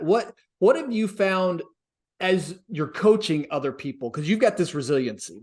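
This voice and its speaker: A man's voice: on the high side, a little mellow. A man hosting an interview podcast, asking long rambling questions with restarts. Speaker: podcast host.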